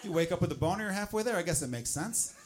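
A man in his thirties doing a stand-up comedy set on a club stage, with loud, animated punchlines and acted-out asides. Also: high voice, very fast, background noise.

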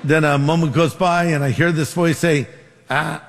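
A man's voice: on the high side, steady tone, moderate pace, big-room sound. A man preaching a sermon as pastor, making numbered points and telling stories with quoted dialogue.

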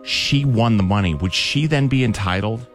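A man's voice: lowish voice, moderate pace, faint music behind. A man hosting a radio morning show, telling a rambling, self-deprecating story and acting out the quotes. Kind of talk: casual storytelling.

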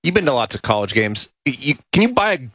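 A man's voice: medium pitch, sing-song, quick pace, fairly bright tone, slightly rough, no room sound. A man co-hosting a commentary stream, chiming in with wry asides. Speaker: co-host. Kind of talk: casual commentary chat.

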